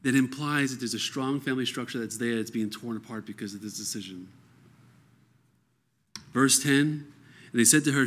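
A man's voice: mid-range voice, normal speed, pauses often, fairly bright tone. A man reading scripture aloud and explaining it verse by verse in a conversational teaching style. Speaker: Bible teacher.

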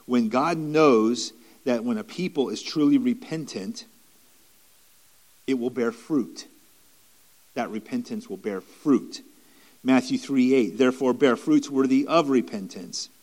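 Guy preaching a sermon, earnest and repetitive, middle pitch, restarts a lot. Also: unhurried, long pauses, a little mellow. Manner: earnest, repetitive, with restarts and rising emphatic stretches.

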